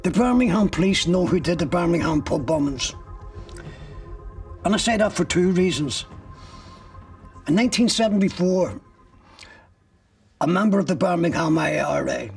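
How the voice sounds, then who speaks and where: Gravelly older man, blunt and profane. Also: a little high, recorded from a distance. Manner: blunt, profane, vivid storytelling. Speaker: interviewee. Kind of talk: recounting personal ordeal.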